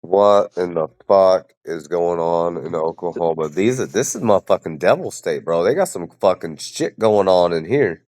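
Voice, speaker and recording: A man hosts a loose podcast conversation and answers his guest with short, blunt, profane reactions. His voice sits low and sounds gruff. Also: lively intonation, moderate pace, hardly any pauses, a little mellow. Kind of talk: casual podcast chat.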